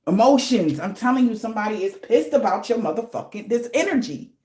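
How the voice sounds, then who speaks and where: A woman's voice: a little high, animated, brisk, darkish tone. Woman reader, casual spiritual reading, blunt and profane, slangy, in a roomy echoing space. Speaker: tarot reader.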